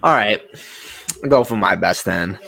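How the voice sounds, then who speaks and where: A man talking loudly and playfully in casual podcast banter, laughing along. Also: lowish voice, lively intonation, a little slow, creaky. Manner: loud, playful, laughing through his picks.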